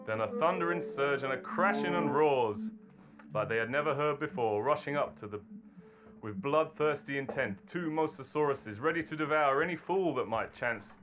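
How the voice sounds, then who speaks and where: A man narrating a storybook tale in an animated, theatrical manner. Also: mid-range voice, normal speed. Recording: dull recording under loud guitar music.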